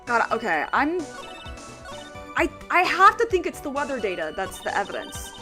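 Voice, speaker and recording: Woman streamer, casual let's-play chatter, fairly high voice, exasperated and direct. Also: sing-song, normal speed, sharp tone, faint music behind. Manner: chatty, exasperated, talks straight to chat.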